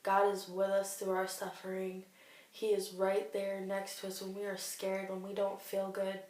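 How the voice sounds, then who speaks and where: A woman in her twenties, talking earnestly and warmly about her faith in a personal video diary. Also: mid-range voice, monotone, normal speed. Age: 20s. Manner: earnest, heartfelt, faith-filled. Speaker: vlogger sharing a cancer diary. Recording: echoey room, distant mic.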